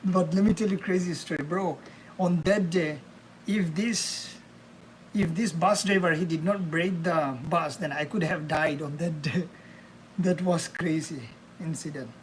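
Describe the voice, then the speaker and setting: A young man cooks in his home kitchen while live streaming, rambling casually to his viewers and calling them bro and man. His voice is fairly high and a little slow, with slight background noise.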